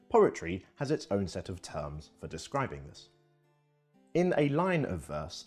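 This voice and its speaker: A man's voice: low-pitched, a little mellow, slightly rough. A man giving scripted educational narration, reading expressively.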